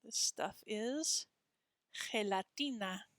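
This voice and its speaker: A woman teaches a Spanish lesson at an unhurried pace, spelling each word letter by letter. She repeats words slowly so their stress can be heard. The recording is close and dry, with no room sound. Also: mid-range voice, a bit bright, no room sound. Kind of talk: textbook walkthrough lesson.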